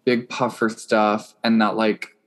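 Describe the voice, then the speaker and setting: A man's voice: fairly low pitch, flat delivery, takes it slowly, fairly bright tone. A man hosting a podcast in casual chat, leading the segments in an easygoing way. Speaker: podcast host. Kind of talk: casual chat reviewing a reality show.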